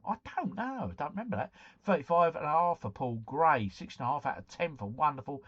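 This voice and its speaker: A man's voice: on the high side, lively intonation, fairly quick, a bit bright, husky, dull audio. A man hosting a casual live stream, chatting to viewers, reading out quiz scores and breaking into bits of song.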